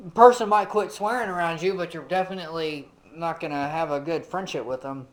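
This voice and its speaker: Male Bible teacher, fairly high voice, relaxed conversational delivery, quizzes his listeners directly. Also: low-quality recording. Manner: conversational, peppered with "you know"; asks the listeners direct questions. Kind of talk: casual Bible lesson.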